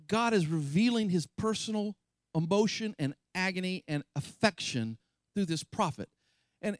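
A man's voice: darkish tone, no echo. A man preaching a sermon, passionate and emphatic, with chatty asides to his congregation. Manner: impassioned, rising to high emphatic peaks when quoting scripture. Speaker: pastor.

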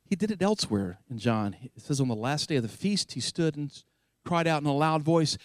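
A man preaching an animated, emphatic sermon as a pastor, paraphrasing scripture in a lively voice. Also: a little high, a little fast, no echo, clean studio sound.

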